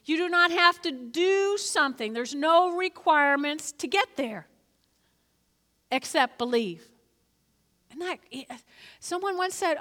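Bright-voiced woman pastor preaching in a hall. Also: high-pitched, takes it slowly. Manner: lively, calls for congregation responses. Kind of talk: sermon. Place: church sanctuary.

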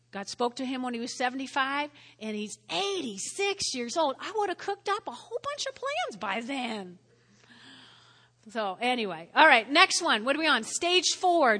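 A woman preaching a sermon to a congregation, lively, acting out the voices of biblical figures. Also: high voice. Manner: animated, acts out voices of biblical figures with laughs. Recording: long hall reverb.

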